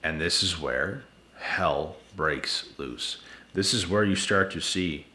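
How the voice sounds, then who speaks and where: Tired, low-voiced man in an echoey room. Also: takes it slowly, sharp tone. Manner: blunt, repetitive, addresses viewers as guys and bro. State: tired and yawning late at night. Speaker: channel host giving relationship advice. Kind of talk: casual vlog monologue. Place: at home indoors.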